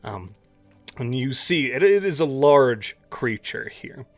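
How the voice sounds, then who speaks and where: A man narrating a tabletop game as dungeon master, slow and descriptive, with many fillers. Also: mid-range voice, expressive, gravelly.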